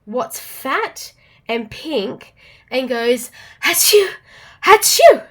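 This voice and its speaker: A woman's voice: high-pitched, big pitch swings, slow, full character voice. A woman with an Australian accent voicing a rude, boastful male pig in a children's storybook, with squealing sneezes. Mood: scornful. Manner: squealing loud sneezes, scornful.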